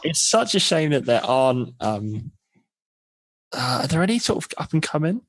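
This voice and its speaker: A man co-hosting a podcast in casual chat, adding dry, deadpan quips. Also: a little high, normal speed, no echo. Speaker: podcast co-host.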